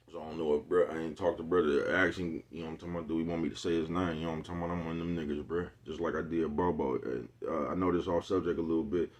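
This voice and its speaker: A man's voice: very deep voice, fairly even intonation, very fast, hardly any pauses. A middle-aged man talking casually to his viewers in street slang, often checking in with his listeners. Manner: laid-back street slang, frequent asides to listeners. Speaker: vlogger.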